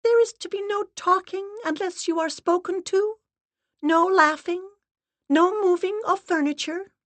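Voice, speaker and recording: A woman's voice: very high voice, unhurried, dry recording, voice pushed up. A woman putting on a stern, intoning medium's assistant. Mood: stern commanding. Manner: intoning steady monotone, formal. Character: solemn female medium's assistant, stern and commanding.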